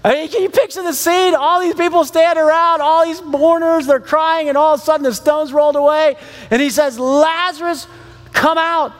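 A man preaching a sermon in a loose, animated way, telling a story with laughs and acting out the people in it. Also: very high voice, fairly quick, big-room sound. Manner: casual, animated storytelling with laughs and acted-out dialogue. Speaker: pastor.

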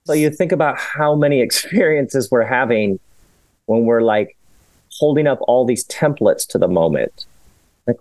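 Animated, rambling man, dry sound. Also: mid-range voice, moderate pace, no echo. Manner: rambling, animated, laughs often. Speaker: author and guest. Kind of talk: casual podcast conversation.

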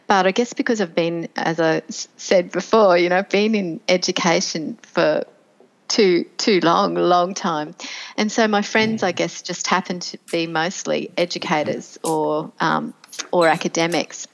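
A woman's voice: fairly low pitch, fairly even intonation, unhurried, vocal fry, poor audio. A middle-aged woman, a podcast guest telling her story in a reflective way with many fillers and restarts. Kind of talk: conversational interview storytelling.

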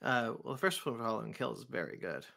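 A man co-hosting a podcast, speaking in a hesitant, halting way while chatting about films. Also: mid-range voice, very animated, creaky, bright, forceful tone. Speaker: podcast co-host. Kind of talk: casual movie chat.

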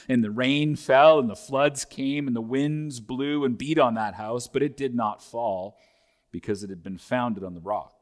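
Man preaching an earnest sermon. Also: mid-range voice. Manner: earnest preaching, building intensity through repeated phrases. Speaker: pastor.

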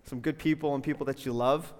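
Upbeat young pastor, echoing hall. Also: male voice, medium pitch, steady tone, fast talker. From Calgary, Canada. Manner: upbeat, friendly, joking asides. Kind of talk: sermon. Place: school hall used for church. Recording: long hall reverb.

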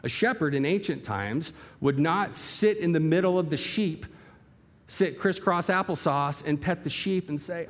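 A man's voice: fairly high pitch, animated, unhurried. A male pastor preaching a sermon in a church hall, emphatic and full of rhetorical questions and vivid illustration.

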